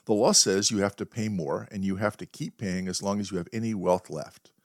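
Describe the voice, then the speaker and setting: A man voicing a male guard dog in a quiet but firm way, within a spoken story. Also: fairly low pitch, steady tone, brisk, no echo, studio quality, natural voice. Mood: quietly firm. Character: armed guard dog, calm and menacing, male.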